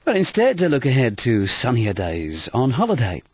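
A man delivering a mock on-air apology announcement in a smooth, polished announcer manner. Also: mid-range voice, huge pitch swings, moderate pace, dry recording. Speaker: continuity announcer.

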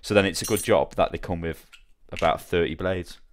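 A man's voice: low voice, normal speed, a little hiss or hum. A young man chatting casually with his live-stream viewers as he assembles a model, rambling and greeting them by name.

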